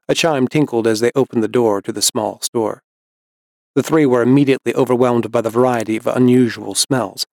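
A man narrating a story in a steady, even scripted reading. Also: mid-range voice, no echo. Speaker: audiobook narrator.

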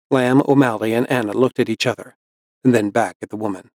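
A man narrating a story in a steady, even scripted reading. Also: medium pitch, a little fast, dry recording. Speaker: audiobook narrator.

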